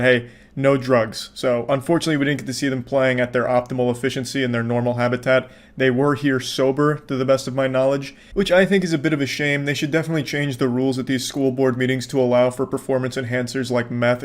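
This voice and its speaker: A man casually commenting on videos in a sarcastic, profane, deadpan way. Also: medium pitch. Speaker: online commentator.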